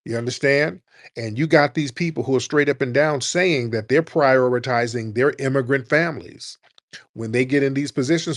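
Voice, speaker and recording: A man's voice: mid-range voice, moderate pace. A man hosting a live call-in talk show, speaking in an emphatic, repetitive, preaching way. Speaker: host.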